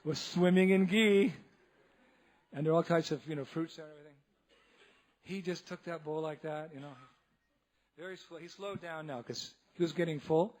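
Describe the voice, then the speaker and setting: High-voiced monk telling a funny story. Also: male voice, moderate pace, pauses often. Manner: animated, laughs often, acts out others' voices. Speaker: monk giving a lecture. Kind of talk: humorous storytelling lecture. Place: temple hall.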